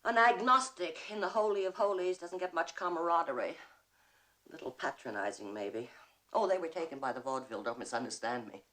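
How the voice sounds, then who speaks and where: A woman's voice: low-pitched, fairly quick, a bit bright. An actress playing a bitter, wry middle-aged woman who mocks herself with dry theatrical wit. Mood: sardonic. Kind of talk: stage play performance.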